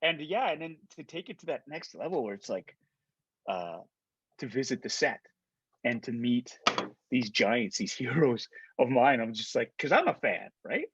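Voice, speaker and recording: A man in his forties, an actor, telling an anecdote in excitable, casual talk with many restarts, heard through a dull lo-fi stream. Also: mid-range voice, normal speed, slightly rough, dry recording. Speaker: actor guest on a panel.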